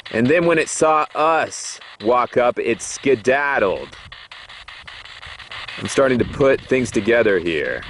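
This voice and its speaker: Guy narrating his ghost hunt, talks real slow, earnest and plain. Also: mid-range voice, expressive, fairly bright tone, slight background noise. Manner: earnest, apologetic, plain-spoken. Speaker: paranormal investigator host.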